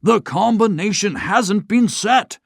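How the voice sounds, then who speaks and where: Trembly old banker guy, voice pushed up high and shaky, narrator doing it. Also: animated, slow pace, creaky, slightly rough, no echo, clean studio sound, full character voice. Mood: shaken. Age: older. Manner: shaky, groaning. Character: old male banker, proud, shaken. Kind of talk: audiobook character voice.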